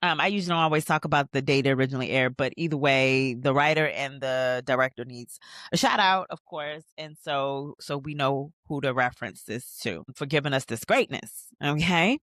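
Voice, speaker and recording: A woman hosting a podcast, recapping a TV episode in a chatty, animated way with slangy asides. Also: very deep voice, dry recording, clean studio sound. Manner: narrates scenes while pausing the show. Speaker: podcast host.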